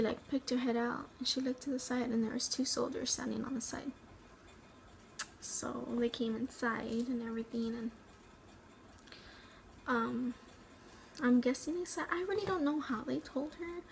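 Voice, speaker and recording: A woman vlogger, originally from Texas's Rio Grande Valley, recounts something personal from home in a gravelly, slightly high voice. Her telling rambles with hesitations and fillers like "um" and "like," occasionally falling to a near whisper. The recording is low quality, with a faint hiss.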